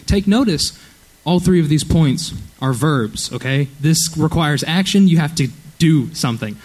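A man's voice: on the high side, expressive, a little slow, darkish tone, rough recording. A young man preaching at a church youth service, earnest and conversational, often checking in with "okay?". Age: young adult. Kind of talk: sermon.

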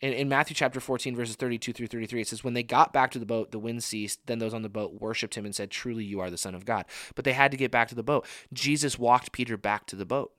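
A man's voice: medium pitch, fairly even intonation, fast talker, hardly any pauses, fairly bright tone, no echo, studio quality. A young adult man giving a casual sermon to a young adult ministry, talking conversationally with many "like" fillers.

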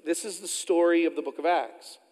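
Folksy Oklahoma pastor in a reverberant sanctuary. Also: male voice, fairly high pitch, a little fast, darkish tone. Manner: folksy storytelling, self-deprecating asides. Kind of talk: sermon.

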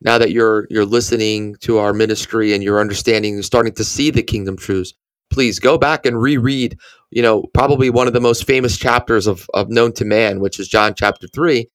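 A man's voice: lowish voice, fairly even intonation, brisk, no echo. A man co-hosting a ministry podcast, talking earnestly through Bible passages with frequent restarts. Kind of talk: conversational Bible teaching.

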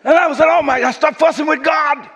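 A man preaching a sermon as pastor, working up to shouts and calling on the congregation to answer. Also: very high voice, fairly even intonation, fast, big-room sound. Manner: preaching with rising shouts and call-and-response. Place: church sanctuary.

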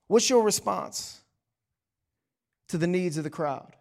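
A man with a strikingly high voice preaches a sermon with fervor. He drops to near-hushed tones, then climbs into loud, emphatic lines, and keeps pressing the congregation with questions. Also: takes it slowly, vocal fry, long pauses. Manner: impassioned preaching, swings between hushed and loud. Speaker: pastor.

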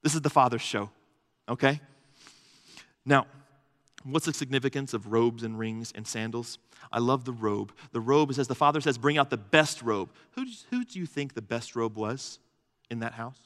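A man's voice: mid-range voice, brisk. A man pastor giving a sermon, earnest and emphatic, building lists of phrases to a peak. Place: church hall. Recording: long reverb of a large hall.

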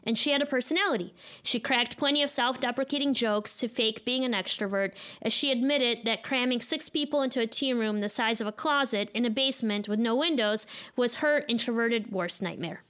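Woman, 30s, Chicago accent, live storyteller, self-deprecating and candid, slightly high voice. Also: brisk, fairly bright tone.

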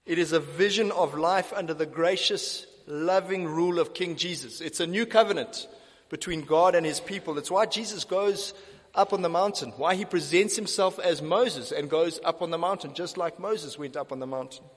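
A man preaching a sermon, emphatic and deliberate, repeating key phrases for stress. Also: on the high side, long reverb tail.

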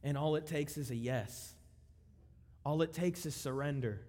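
A youth pastor preaches with passion, dropping to a hush and then rising to fervent appeals. His voice sits fairly high for a man. Long reverb rings through the church hall. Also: a little slow. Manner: impassioned, swings between hushed and soaring. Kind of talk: sermon.

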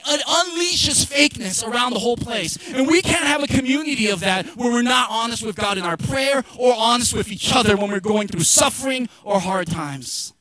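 High-voiced male pastor preaching. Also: animated, fairly quick, hardly any pauses, no echo. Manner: conversational and joking, rising to shouted emphasis. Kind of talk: sermon.

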